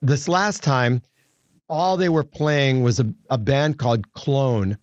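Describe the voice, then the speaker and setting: A man's voice: mid-range voice, slow pace, no echo, dull audio. A man in his seventies chatting as a guest, laughing easily and restarting his sentences. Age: 70s. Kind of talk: casual chat.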